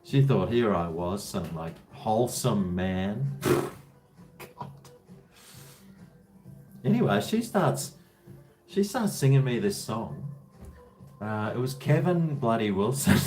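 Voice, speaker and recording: A man's voice: on the low side, very animated, slow pace, long pauses, a little mellow, faint music behind. A man chatting casually on a livestream, rambling with chuckles and answering viewers' comments. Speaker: livestream host.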